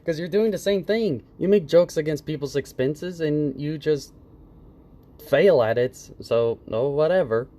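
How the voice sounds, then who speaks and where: A man's voice: on the high side, a little slow, warm tone. A man giving casual reaction commentary, sarcastic and profane, mocking what he hears with exaggerated mimicry.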